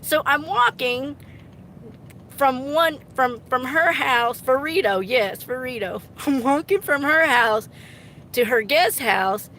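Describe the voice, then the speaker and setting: A woman's voice: high-pitched, slow pace, a bit bright, slight background noise. A woman chatting casually on a live stream, giggly and teasing, often dropping into embarrassed whispers. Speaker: artist live-streaming to viewers. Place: home art studio.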